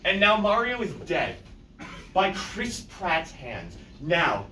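A man's voice: sits high, huge pitch swings, slow pace, pushed and bright. A young man hosting a convention panel as a joking mock professor, teasing the audience and laughing often. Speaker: panel presenter. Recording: echoey room, far mic, crowd noise.

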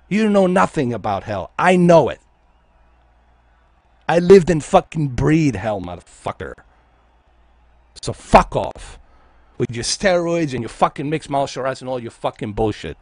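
A man's voice: mid-range voice, big pitch swings, moderate pace, a little mellow, no room sound. A man from Bosnia, a game streamer delivering an aggressive, profane, taunting livestream rant at his viewers.

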